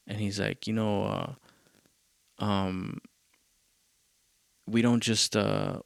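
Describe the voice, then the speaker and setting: A man's voice: lowish voice, gravelly, dry recording, studio quality. A man hosting a podcast, telling a rambling, profane story in a casual way and quoting people along the way. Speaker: podcast host.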